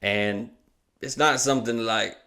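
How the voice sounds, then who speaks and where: A man's voice: medium pitch, measured pace, pushed and bright. Laughing, swearing podcast storyteller man. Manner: profane storyteller, laughs often, acts out quotes. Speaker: podcast co-host. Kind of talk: casual podcast chat.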